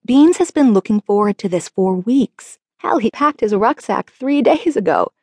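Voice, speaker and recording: A woman's voice: mid-range voice, animated, normal speed, a little mellow, breathy edge, dry recording. A woman doing a stern, scolding dad. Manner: firm, scolding. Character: stern but loving father, middle-aged. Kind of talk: audiobook character voice.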